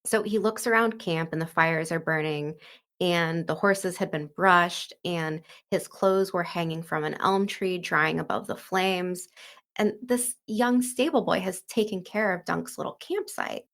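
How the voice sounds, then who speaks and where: A woman hosting a casual book breakdown in a chatty way, with plenty of filler words. Her voice sits low with noticeable vocal fry. It is relaxed and conversational. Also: unhurried. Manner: chatty, many fillers like "like" and "kind of". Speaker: book discussion host.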